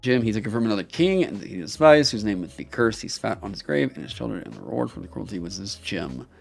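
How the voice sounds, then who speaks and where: A young man on a live stream who reads game material aloud haltingly with many ums, then breaks into excited, swearing asides. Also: fairly low pitch, creaky, soft background music. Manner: swears casually. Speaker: streamer critiquing game designs. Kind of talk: casual live-stream critique.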